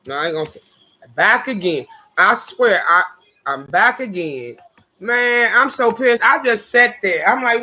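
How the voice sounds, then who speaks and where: A woman hosting a casual live stream from her porch, talking in an animated, exasperated, rambling way with lots of swearing. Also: mid-range voice, measured pace. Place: outdoors on a porch.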